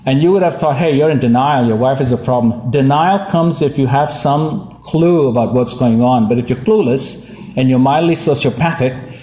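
A man's voice: mid-range voice, normal speed, warm tone. A man, from India, giving a humorous personal testimony at a podium, wry and self-mocking. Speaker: speaker at a recovery meeting. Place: meeting hall with podium. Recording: echoey hall.

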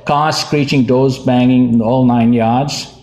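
A man's voice: medium pitch, fairly even intonation, measured pace, a little mellow. Wry man telling his story. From India. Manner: wry, self-mocking storytelling. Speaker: speaker at a recovery meeting. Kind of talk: humorous personal testimony from a podium. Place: meeting hall with podium. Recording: echoey hall.

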